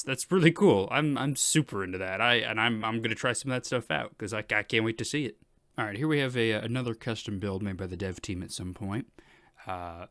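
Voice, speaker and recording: Eager, gushing man with a low voice. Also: fairly bright tone. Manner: enthusiastic, gushing, often repeats words when starting sentences. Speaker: gaming video host. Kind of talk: excited commentary over game footage.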